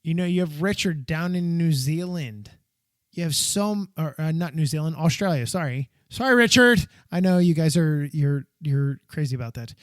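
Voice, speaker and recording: A slightly high-voiced American man talks alone into a dry, close microphone, hosting his own podcast. He rambles warmly from one thought to the next, and his voice leaps upward when he gets worked up. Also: normal speed, dry recording. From United States. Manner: rambling, heartfelt and excitable, voice jumping up when enthused. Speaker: podcast host. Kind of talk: solo podcast monologue.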